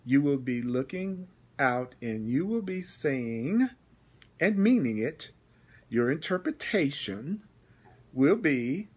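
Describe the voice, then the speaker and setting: A man's voice: medium pitch, very animated, husky. Emphatic man giving a spiritual lesson. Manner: repetitive, emphatic, slows down deliberately when reading; answers viewers' comments by name. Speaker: spiritual teacher. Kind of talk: live-streamed spiritual teaching.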